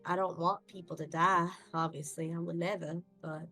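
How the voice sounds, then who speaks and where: A woman's voice: fairly low pitch, little pitch movement, normal speed, sharp tone, soft background music. A woman playing a blunt, down-to-earth dwarf parent in a tabletop game, speaking casually. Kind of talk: tabletop role-play.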